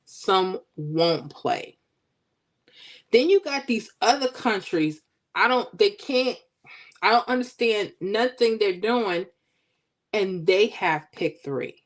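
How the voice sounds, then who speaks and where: A woman hosting a casual livestream, chatting with viewers and teasing them in a playful, animated way. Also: medium pitch. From Florida. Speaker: livestream host. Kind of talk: casual chat with live viewers.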